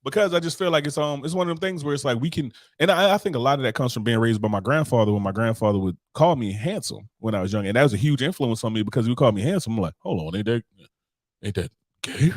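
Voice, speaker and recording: A man co-hosting a casual podcast, chatting in an animated way and acting out the voices he quotes. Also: medium pitch, racing, few pauses, dry recording, studio quality. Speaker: podcast co-host. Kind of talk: casual chat.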